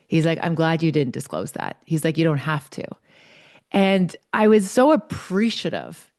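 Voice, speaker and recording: Chatty, animated woman telling a story. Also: fairly low pitch, moderate pace, no echo, clean studio sound. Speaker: podcast host, psychologist. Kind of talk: personal storytelling.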